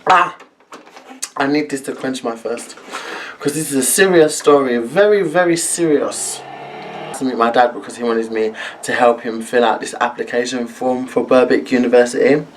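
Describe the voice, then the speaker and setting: A young man telling a story in an animated, laughing way, full of slang. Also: medium pitch, moderate pace, a little hiss or hum. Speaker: vlogger. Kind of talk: storytime vlog.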